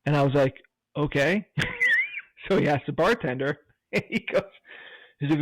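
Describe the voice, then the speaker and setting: A man's voice: fairly high pitch, moderate pace, long pauses, no room sound, poor audio. A man co-hosting a podcast in casual chat, telling stories with frequent laughter. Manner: storytelling, laughs often. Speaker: podcast co-host.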